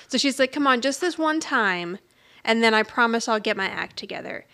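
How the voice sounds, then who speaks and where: A woman co-hosting a podcast retells a sitcom episode in casual chat, animatedly acting out the characters' quoted lines with light laughter. Her voice is a little high, and she speaks at normal speed.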